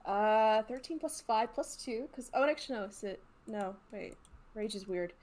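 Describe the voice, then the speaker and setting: Excitable woman playing a tabletop game. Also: on the high side, moderate pace. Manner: excitable, laughs, thinks aloud with restarts. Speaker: player.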